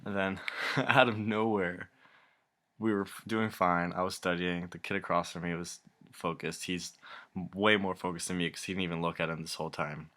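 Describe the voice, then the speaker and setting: A man's voice: low-pitched, steady tone, normal speed, bright, forceful tone. A young man ranting casually to camera, rambling and exasperated, swearing a lot and often breaking into laughter. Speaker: vlogger.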